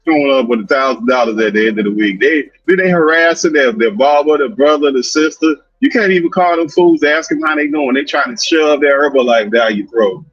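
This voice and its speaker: A man's voice: on the high side, a little fast, few pauses, fairly bright tone, slightly rough, dry recording. A man co-hosting a casual talk show, talking emphatically and complaining, tacking "man" onto his sentences, heard over dull lo-fi remote audio. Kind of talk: casual podcast chat.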